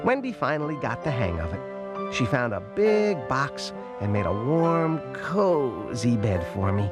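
A man reading a storybook aloud, voicing a lonely young male puppy who tells his own story in a gentle, lively way. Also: medium pitch, a little slow. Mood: warm storytelling. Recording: loud music playing behind.

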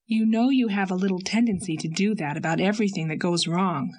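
A woman reading an audiobook, voicing a gentle, sensible young woman who soothes a friend in an earnest tone. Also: medium pitch, brisk, close to an everyday voice. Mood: soothing. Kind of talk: audiobook character voice.

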